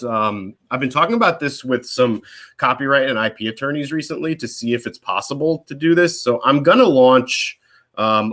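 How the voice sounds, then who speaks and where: Guy on a live q&a, rambling and chatty, keeps restarting his sentences, mid-pitched voice. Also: a bit bright. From United States. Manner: rambling, self-correcting, chatty. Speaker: host answering viewer questions. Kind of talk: casual live Q&A chat.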